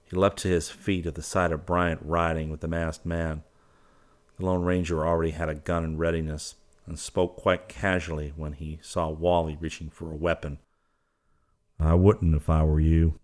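A man narrating a western audiobook in an even storytelling manner. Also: a bass voice, normal speed.

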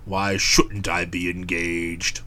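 A woman reading an audiobook who voices a gruff, touchy young Englishman, answering in guarded, curt replies. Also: very deep voice, flat delivery, takes it slowly, bright, forceful tone, voice pushed down, full character voice. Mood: defensive. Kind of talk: audiobook character voice.

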